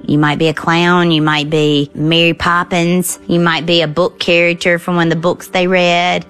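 A middle-aged woman from the American South tells a personal story in a lowish, lively voice. She acts out the quotes. Soft music plays underneath. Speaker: storyteller guest.

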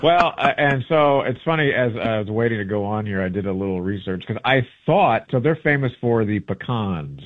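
A man chats loosely as a radio guest, drifting through stories and stopping to fix his own words. His voice sits a bit low. It comes through thin and tinny, like a phone call. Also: expressive, normal speed, hardly any pauses. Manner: chatty, rambling, self-correcting storyteller. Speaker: travel book author guest. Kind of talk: casual radio interview. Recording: tinny phone-line audio.

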